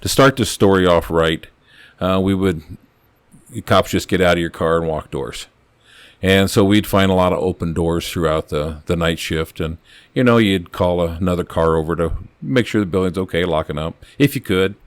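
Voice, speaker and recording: An older man with a very low, deep voice tells stories from his long police career in an earnest, halting way. He often stops and restarts his sentences as he talks. The sound is dry and close, with no room around it. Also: no echo. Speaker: retired police officer, podcast guest. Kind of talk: casual storytelling chat.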